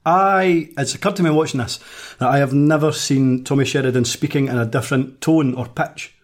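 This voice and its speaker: A man's voice: mid-range voice, brisk. A Scottish man co-hosting a casual podcast, making dry, wry comments. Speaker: podcast co-host.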